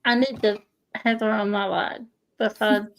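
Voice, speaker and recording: A woman's voice: medium pitch, level tone, a little slow, vocal fry, fairly bright tone. A woman hosting a livestream over a video call, speaking earnestly and repeating herself for emphasis. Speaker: livestream host. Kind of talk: warm interview chat.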